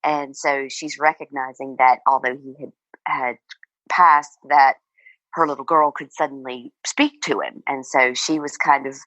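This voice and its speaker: Low-voiced woman, halting and chatty. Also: steady tone, fairly bright tone, dry recording, rough recording. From Virginia, United States. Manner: hesitant, many fillers and restarts, laughs often. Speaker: guest author. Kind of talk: casual interview chat.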